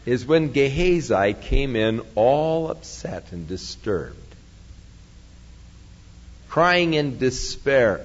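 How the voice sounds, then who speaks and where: A man's voice: mid-range voice, expressive, extremely slow, pauses often. A male pastor preaching a sermon, retelling a scripture story and explaining it earnestly. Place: church. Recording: dull lo-fi, long church reverb.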